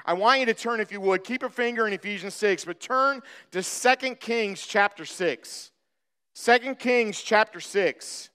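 A man preaching a sermon, retelling a scripture story with animated, acted-out voices. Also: sits high, moderate pace, smooth. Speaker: pastor.

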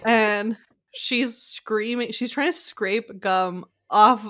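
A woman co-hosting a casual podcast, recapping a reality show in an animated, storytelling way and acting out quotes. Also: on the high side, takes it slowly. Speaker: podcast co-host.

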